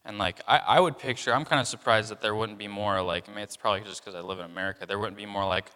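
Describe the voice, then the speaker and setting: A man's voice: on the low side, steady tone, quick pace, sharp tone, clean tone. Casual young man preaching in a reverberant hall. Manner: conversational, many fillers, acts out voices of people in the story. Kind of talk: casual sermon.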